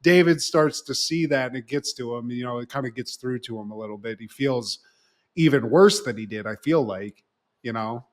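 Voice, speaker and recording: A man's voice: mid-range voice, moderate pace. A man co-hosting a casual recap podcast, swearing freely and acting out the characters' lines. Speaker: podcast co-host.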